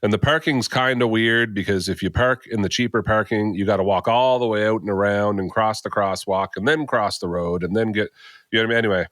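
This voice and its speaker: A man's voice: lowish voice, fairly quick, a bit bright, no room sound, studio quality. Rambling man telling a story. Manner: rambling, many fillers and asides. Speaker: podcast host. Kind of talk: casual storytelling chat.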